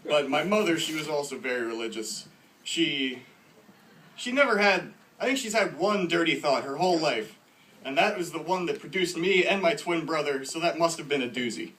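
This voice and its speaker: A man's voice: a little high, lively intonation, normal speed, bright, forceful tone, poor audio. A man in his twenties telling casual, self-deprecating stories at a stand-up open mic in a small bar. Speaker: first-time stand-up comedian. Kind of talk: stand-up comedy.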